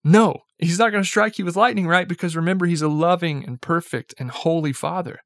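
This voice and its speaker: A man's voice: sits high, quick pace, hardly any pauses, fairly bright tone, dry recording, studio quality. Young man preaching in a chatty way. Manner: conversational, peppered with "like" and "right?"; chuckles lightly while speaking. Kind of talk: casual sermon talk.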